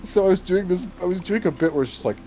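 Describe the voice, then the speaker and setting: A man's voice: high voice, quick pace, background noise. A man co-hosting a stream, telling stories in casual chat and laughing often. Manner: animated storytelling, laughs often. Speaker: streamer and podcast co-host.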